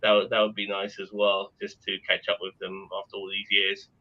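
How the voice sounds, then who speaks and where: A man's voice: lowish voice, monotone, fairly quick, dull audio. A man chatting enthusiastically and at some rambling length on a live panel. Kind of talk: casual live panel chat.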